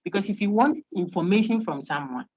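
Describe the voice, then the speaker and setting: This university lecturer, a woman with a Ghanaian accent, teaches a large online class in a mid-range, dark-toned voice that's expressive and fairly quick. She repeats words and checks "okay?" as she explains, and the dull lo-fi call audio carries a little hiss or hum.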